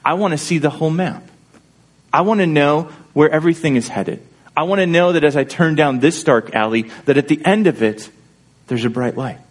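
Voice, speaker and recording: A man's voice: a little high, brisk. A man pastor preaching a sermon in an earnest, conversational way, often checking in with his listeners through rhetorical questions.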